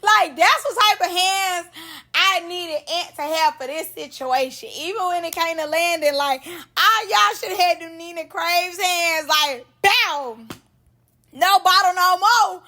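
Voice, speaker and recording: Woman, high voice, animated slangy reaction vlogger, frequent laughs. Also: unhurried. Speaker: reality show reaction vlogger. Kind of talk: casual reaction commentary.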